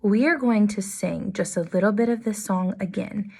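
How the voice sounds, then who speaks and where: A woman music teacher leading a children's lesson, speaking in a slow, sing-song, encouraging way to young children. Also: mid-range voice, gravelly, a little mellow, husky.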